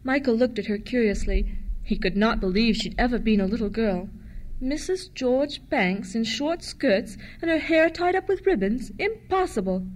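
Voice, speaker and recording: A woman reading a storybook aloud to children in a gentle, expressive way. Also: a little high, normal speed, a little hiss or hum.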